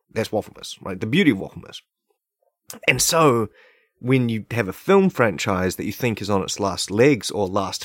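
A man with a fairly low voice rambles through a comedic podcast monologue, piling up fillers and asking "right?" to nobody. He praises silly ideas with deadpan, mock-earnest sincerity. The mic sound is close and dry, with no room around him. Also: dry recording. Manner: loose, filler-heavy riffing with many "like" and "right?". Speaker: podcast host. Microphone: podcast microphone.

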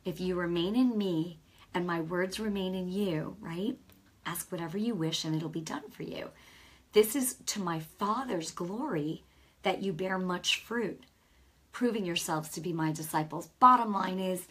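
Breathy woman preaching a casual sermon. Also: lowish voice, unhurried, fairly bright tone. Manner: conversational, emotional, many restarts and asides.

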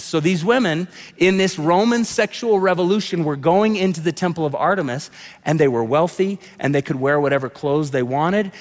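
Higher-voiced man preaching in a big hall. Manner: conversational preaching, many restarts and asides. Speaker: pastor. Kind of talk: sermon. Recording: long reverb of a large hall.

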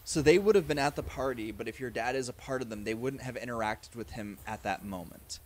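A man running a tabletop game as game master, hoarse and hesitant, often pausing with um. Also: mid-range voice, a little mellow. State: hoarse, losing voice. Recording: noisy line with clicks.

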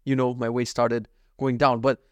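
A man's voice: medium pitch, little pitch movement, moderate pace, dry recording, highs cut off. A man hosting a casual solo podcast from home, talking candidly and self-critically with plenty of swearing. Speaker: podcast host.

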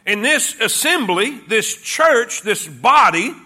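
A man's voice: very high voice, very animated, slow pace, bright, forceful tone. A man preaching a sermon, praying and then teaching with fervent call-and-response. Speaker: pastor.

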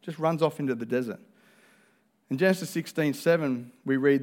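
A man's voice: medium pitch, moderate pace, darkish tone. A male pastor, preaching a sermon in an earnest, conversational way.

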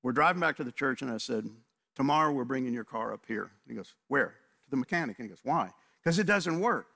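A man preaching, acting out the back-and-forth of a story in lively voices. His voice sits at a middle pitch as he shifts from everyday anecdote to earnest appeal. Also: quick pace, vocal fry. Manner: animated storyteller, acts out both sides of conversations. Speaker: pastor. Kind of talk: sermon with storytelling.

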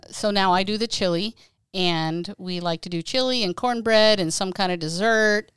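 Chatty mom co-hosting a podcast. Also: female voice, fairly low pitch, smooth, no room sound. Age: middle-aged. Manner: laughs often, chatty and rambling. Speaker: podcast co-host. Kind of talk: casual chat.

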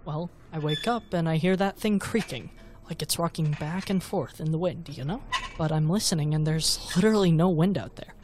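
A man playing an excitable teen boy. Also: on the high side, normal speed, background noise, natural voice. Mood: eerie telling. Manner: excitable, casual. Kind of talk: audio drama acting.

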